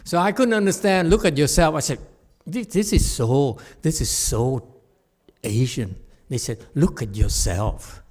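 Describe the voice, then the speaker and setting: A man giving a teasing dharma lecture in a Buddhist hall, laughing often, repeating himself, and moving from soft asides to loud emphasis. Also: on the high side, unhurried.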